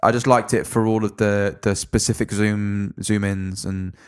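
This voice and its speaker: A man's voice: fairly low pitch, moderate pace, clean tone. A young man co-hosting a casual podcast, telling stories with a laugh and acting out bits. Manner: animated, laughing storyteller who acts out voices. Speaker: podcast co-host. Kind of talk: casual chat.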